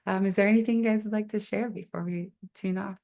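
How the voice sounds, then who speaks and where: A woman hosting an online prayer circle on a video call, guiding gently and affectionately. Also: medium pitch, steady tone, fast talker, gravelly. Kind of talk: guided spiritual circle, casual.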